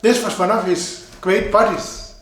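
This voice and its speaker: A man narrating a self-help story in a halting way, sometimes correcting himself. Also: high voice, fairly even intonation, fairly bright tone, very echoey, rough recording.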